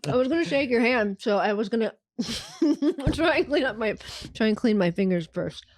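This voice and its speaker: A woman's voice: on the high side, expressive, normal speed, dry recording, clean studio sound. A woman hosting a podcast in casual chat, giggly and chatty. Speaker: podcast host.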